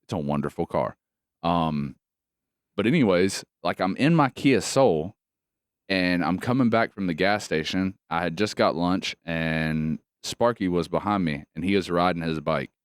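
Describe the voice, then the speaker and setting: Male podcast co-host, profane and animated storyteller, low and smooth, dry close mic. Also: a little slow, dry recording. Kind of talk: casual chat.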